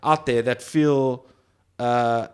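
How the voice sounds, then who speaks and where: A man's voice: medium pitch, fairly even intonation, slow pace, smooth. A man hosting a podcast, chatting in a loose, rambling way and swearing casually. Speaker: podcast host. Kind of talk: casual chat.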